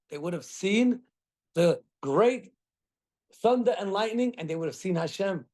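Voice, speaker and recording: A middle-aged man, a rabbi, giving a Torah class and telling the story with animated acted quotes. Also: sits high, a little slow.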